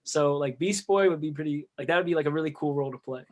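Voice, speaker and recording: Fast-talking young male actor. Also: on the high side, a little mellow. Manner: fast, hesitant, many fillers. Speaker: actor, podcast guest. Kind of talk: casual interview.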